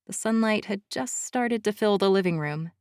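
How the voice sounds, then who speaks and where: A woman narrating a fantasy romance audiobook in the first person, calm, soft and measured. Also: medium pitch, smooth, no room sound, studio quality.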